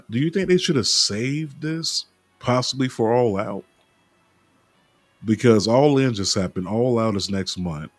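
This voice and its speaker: A man's voice: lowish voice, no room sound. A man hosting a casual wrestling talk show, joking and laughing at his own stumbles over names. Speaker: podcast host.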